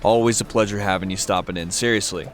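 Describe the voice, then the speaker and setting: A man's voice: on the low side, fairly even intonation, quick pace. Chatty male streamer greeting viewers. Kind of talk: casual live-stream chat.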